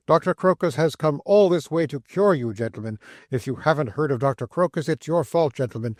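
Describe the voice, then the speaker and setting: A man voicing an open door that coaxes passers-by inside like a barker, with a sing-song sales pitch, in a storybook reading. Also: a little mellow, no room sound, clean studio sound, natural voice.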